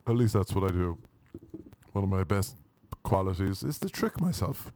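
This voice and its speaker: Wry, low-voiced male comic rambling. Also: animated, fairly quick, a little mellow, dry recording. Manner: self-deprecating, wry, switches into mock voices.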